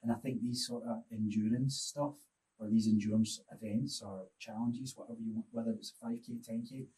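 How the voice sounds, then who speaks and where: Guy rambling on a podcast, low mellow voice, sounds a bit off mic. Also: fairly even intonation, brisk, distant mic, rough recording. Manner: reflective, rambling storytelling. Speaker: podcast guest, fitness coach. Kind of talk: casual podcast chat.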